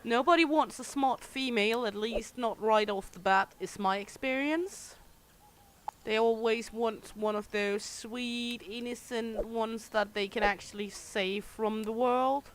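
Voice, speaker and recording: A woman's voice: a little high, measured pace, slight background noise. A young adult woman, a native Danish speaker, chatting casually with viewers on a game livestream, playful and bawdy, swearing freely and laughing often. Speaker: game streamer.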